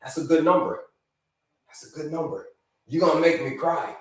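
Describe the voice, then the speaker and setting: A man hosting a live health stream, talking with viewers in an energetic, repetitive way and giving them shout-outs. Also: a little high, moderate pace, far from the mic. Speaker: livestream host, health coach. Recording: echoey room, away from the mic.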